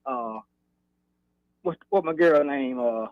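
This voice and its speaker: A man's voice: mid-range voice, slow pace, no echo. A man calling in to a radio show, folksy and joking, stammering with fillers. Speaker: caller. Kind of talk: phone-in call. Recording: muffled phone line.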